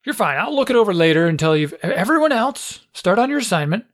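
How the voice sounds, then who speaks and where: A parent putting on a shrill, barking schoolteacher woman. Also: sing-song, fast, natural voice. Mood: exasperated. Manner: barking, repeating names, demanding. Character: shrill bossy female online schoolteacher.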